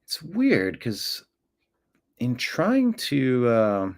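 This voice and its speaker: A man hosts a live-stream in a mid-range voice that swings hugely in pitch and moves extremely slowly. He mutters to himself while sorting out settings and lashes out at a commenter with profane, confrontational demands.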